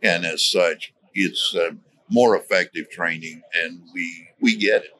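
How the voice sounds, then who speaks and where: A man speaking as a guest in a podcast interview, explaining his points deliberately and repeating key words for emphasis. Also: low voice, sharp tone. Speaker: guest, safety trainer.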